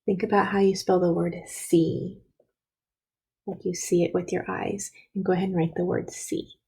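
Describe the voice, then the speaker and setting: Patient woman teacher, husky and gravelly, slowly sounds out words for young kids. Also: on the low side, little pitch movement, warm tone, low-quality recording. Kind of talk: early-grade spelling and writing lesson.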